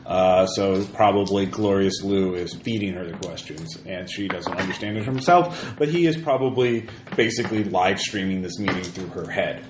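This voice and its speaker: A man running a tabletop game as game master, explaining rules in a relaxed way with many fillers. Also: low voice, normal speed, few pauses, noisy background. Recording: echoey room.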